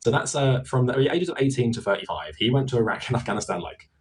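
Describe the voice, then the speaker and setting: A man's voice: mid-range voice, expressive, fast talker, a little hiss or hum, poor audio. A man interviewing a guest, explaining at length with many fillers. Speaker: interviewer in a played clip. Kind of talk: conversational interview.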